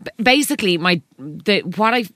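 A woman's voice: mid-range voice, expressive, normal speed, fairly bright tone, no room sound, clean studio sound. A woman in her thirties with an Irish accent, co-hosting a podcast in casual chat and telling a story while stopping and restarting herself. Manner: chatty, self-interrupting storyteller. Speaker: podcast co-host. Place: radio studio.

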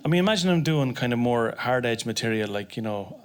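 An Irish man on a comedy panel, riffing with rambling, animated bits. His pitch sits mid-range. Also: fairly quick. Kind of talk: comic banter.

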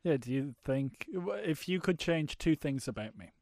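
A man's voice: mid-range voice, animated, moderate pace, a little mellow, dry recording. A man co-hosting a podcast in casual chat, teasing his partner with provocative questions. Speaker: podcast co-host.

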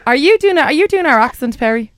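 A woman's voice: sits high, animated, fast talker, fairly bright tone. A woman co-hosting a radio interview, teasing and playfully bossy. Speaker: radio show co-host. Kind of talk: casual interview chat.

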